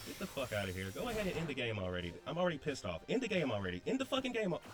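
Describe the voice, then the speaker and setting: Slangy young man with a lively voice. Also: fairly high pitch, rapid-fire, soft background music. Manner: slangy, blunt, repeats himself. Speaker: draft league player. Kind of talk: casual gameplay commentary.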